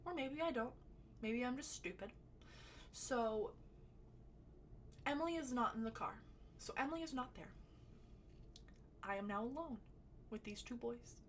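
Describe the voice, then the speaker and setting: A woman's voice: sits high, normal speed, long pauses, a little hiss or hum. Chatty woman telling a storytime. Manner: chatty and animated, with sudden loud bursts and swearing. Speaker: storytelling vlogger. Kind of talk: casual storytime.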